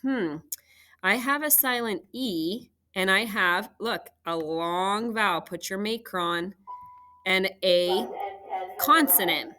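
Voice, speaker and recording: A woman's voice: mid-range voice, takes it slowly, pushed and bright. A woman teacher patiently walking young students through a phonics worksheet, step by step. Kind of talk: phonics lesson walkthrough.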